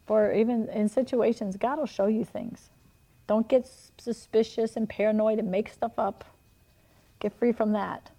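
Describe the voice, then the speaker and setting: A middle-aged woman preaching a sermon, telling animated personal stories with frequent laughter. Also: a little high, normal speed.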